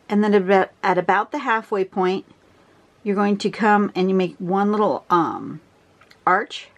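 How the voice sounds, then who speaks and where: Chatty woman teaching a drawing pattern. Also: mid-range voice. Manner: chatty, rambling with fillers. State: out of breath. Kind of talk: casual drawing tutorial.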